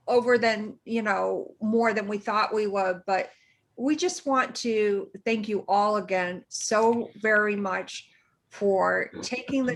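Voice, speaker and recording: A woman co-hosting a podcast who thanks her guests in a halting way and grows emotional. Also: mid-range voice, a bit bright. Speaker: podcast co-host. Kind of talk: casual chat.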